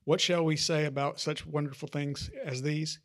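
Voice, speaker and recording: A man reading scripture aloud to a small group in a steady, plain manner. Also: on the high side, moderate pace.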